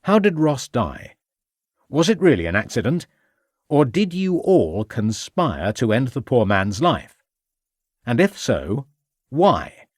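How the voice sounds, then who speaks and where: A man's voice: mid-range voice, sing-song, slow, pauses often, slightly rough, dry recording, studio quality, pitched above the performer's own voice, heavily acted. A man playing a firm, probing inspector. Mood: pressing. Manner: firm, pressing, commanding. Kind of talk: audiobook character voice.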